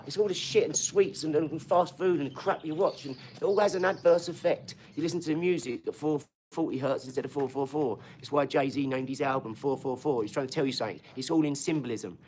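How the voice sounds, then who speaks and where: A fairly high, slightly mellow male voice comes through brisk and with few pauses, over a bit of hiss or hum. He runs a casual livestream, jumping between topics, cursing openly, and responding to viewer comments head-on.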